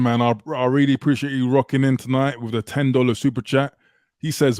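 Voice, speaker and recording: A man from the UK hosts a livestream in a casual, chatty way. He hypes up his viewers, and his voice sits at a middle pitch with a dry, close sound. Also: fairly quick, darkish tone, no room sound, faint music behind. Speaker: livestream host. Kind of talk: casual livestream chat, reading super chats.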